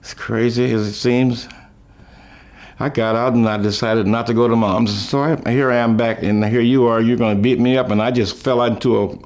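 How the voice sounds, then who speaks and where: A man's voice: fairly even intonation, moderate pace, a little mellow. Older guy spinning loose folksy stories, chuckles a lot, voice right in the middle. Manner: chuckling, folksy, trails off and restarts; raises his voice high when quoting others. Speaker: musician recalling his life. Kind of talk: rambling storytelling.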